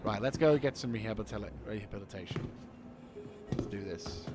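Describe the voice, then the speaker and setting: A man's voice: lowish voice, a little fast. A man streaming a space game, talking to himself as he plays, swearing often and flaring up now and then. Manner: mutters to himself while playing, swears, flares up. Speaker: gaming streamer. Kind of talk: live gameplay commentary. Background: game music.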